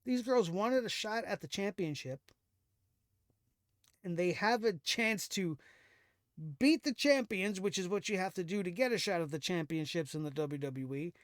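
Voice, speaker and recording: Sarcastic man ranting, smooth dry voice. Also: high voice, normal speed, no echo. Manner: sarcastic, exasperated ranting with laughs. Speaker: wrestling show host. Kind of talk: casual recap and commentary.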